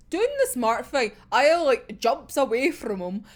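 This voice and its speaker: A manga reaction commentator, a woman with a high voice that swings widely up and down, riffs through her reactions in a loose, chatty, unhurried way. She is animated, swears a lot, and laughs often.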